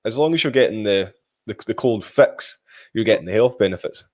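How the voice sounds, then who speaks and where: A young man with a Scottish accent talks in a slightly low voice, easygoing and unscripted. He wanders through his points with plenty of "um"s and restarts, relaxed and friendly in tone. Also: fairly quick. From Scotland. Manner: relaxed, rambling with frequent fillers and restarts. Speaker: guest. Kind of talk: casual video call chat.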